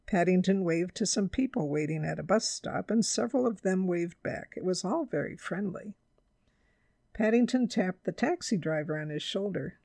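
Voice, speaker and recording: A woman reads a children's storybook aloud in a clear, measured way. Her voice has a gravelly edge, recorded close and dry. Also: lowish voice, expressive, darkish tone, no echo.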